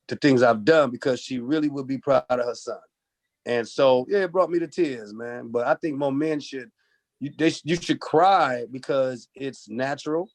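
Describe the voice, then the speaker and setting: A male comedian from Oakland, telling stories in an animated, profane way during a casual podcast interview. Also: mid-range voice. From Oakland, California. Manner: animated storytelling, acts out voices, profane. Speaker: comedian guest.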